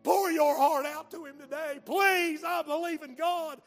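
An older man preaching an impassioned revival sermon and prayer, swinging from hushed tones to shouting, his voice breaking with emotion. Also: very high-pitched, steady tone, a little slow, faint music behind.

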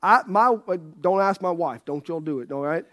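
Man, pastor, sermon, high-pitched, folksy humor, talks to congregation. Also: animated, moderate pace, fairly bright tone. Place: church sanctuary.

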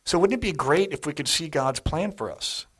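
A man's voice: on the high side, animated, moderate pace, husky. A middle-aged man preaching a sermon in a church, telling stories in a conversational way and speaking straight to the congregation. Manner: conversational storytelling, addresses the congregation directly.

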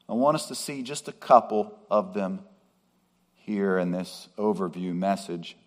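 A man preaching a sermon in a measured way, with emphatic rises on key words. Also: mid-range voice. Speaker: pastor.

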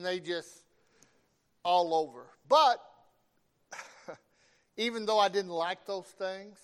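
High-voiced middle-aged preacher man. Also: a bit bright, clean tone. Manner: folksy, calls for amens. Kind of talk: sermon with folksy storytelling.

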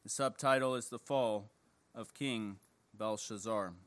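A man preaching an evening sermon, reading scripture and praying in slow, deliberate, emphatic phrases. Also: on the low side, fairly bright tone. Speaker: pastor. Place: church service.

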